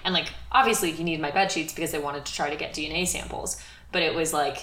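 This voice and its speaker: A young woman with a low voice talks candidly through a personal story, chatty and full of fillers. Her voice carries a noticeable roomy echo. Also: steady tone, quick pace, fairly bright tone. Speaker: podcast co-host. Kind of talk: casual storytelling chat.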